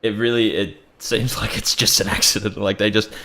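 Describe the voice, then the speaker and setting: A man's voice: on the low side, little pitch movement, moderate pace, pushed and bright. Joking, foul-mouthed young male gamer. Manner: joking, profane, rambling. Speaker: gameplay commentator. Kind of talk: casual let's-play commentary.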